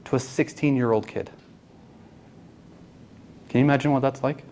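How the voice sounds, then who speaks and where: A man's voice: medium pitch, moderate pace, long pauses, darkish tone, a little hiss or hum. A man in his late thirties telling a personal story to a networking group, earnest and often asking the audience questions. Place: meeting room.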